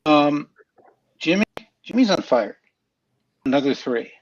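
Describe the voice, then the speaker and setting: A man judging a comedy game show on a video call, halting with fillers and joking as he scores. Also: on the high side, lively intonation, highs cut off. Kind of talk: casual scoring banter.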